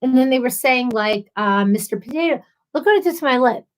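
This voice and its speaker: A woman's voice: high-pitched, animated, a little fast. Chatty woman hosting a live stream. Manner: chatty, sympathetic, with playful asides. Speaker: livestream host. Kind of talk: casual live-stream chat reading comments.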